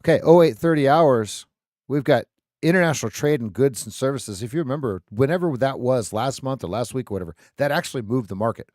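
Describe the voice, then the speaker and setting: A man's voice: mid-range voice, expressive, brisk, a little mellow, no echo, clean studio sound. Man calling live market levels. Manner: repetitive, thinks aloud with restarts. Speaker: trading stream host.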